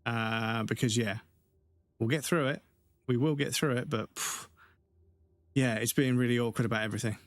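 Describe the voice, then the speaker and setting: A young man livestreaming a video game, chatting casually with his viewers. He talks in a rambling, profane way, full of fillers and asides, at an ordinary middle pitch. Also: steady tone, normal speed, dry recording. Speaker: streamer. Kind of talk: casual gaming livestream commentary.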